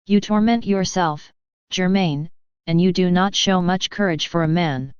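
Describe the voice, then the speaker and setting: A woman reading a gently teasing young shepherdess. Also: lowish voice, measured pace, smooth, no room sound, muffled recording, lightly acted.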